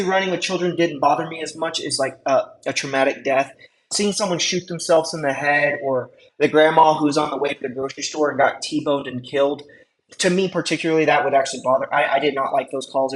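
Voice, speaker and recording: Man, EMT instructor, lecture, conversational, fillers, check-in questions, fairly high voice. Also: rough recording. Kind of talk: classroom lecture.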